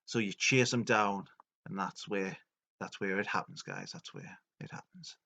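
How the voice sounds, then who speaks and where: A man retelling video game lore as a comedy, rambling and deadpan with many fillers. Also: low-pitched, normal speed, creaky.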